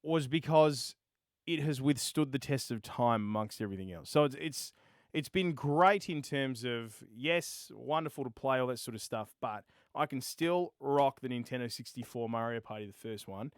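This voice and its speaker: A man's voice: medium pitch, normal speed, no echo, clean studio sound. A man co-hosting a gaming podcast, chatting casually with wry, teasing humour. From Australia. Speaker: podcast co-host. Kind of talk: casual chat.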